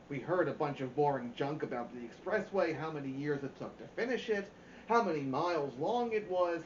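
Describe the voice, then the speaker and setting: Lively man reading a story aloud. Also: a little high, echoey room, muffled recording, a little hiss or hum. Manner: lively, voices the characters' quoted lines. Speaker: storytime reader.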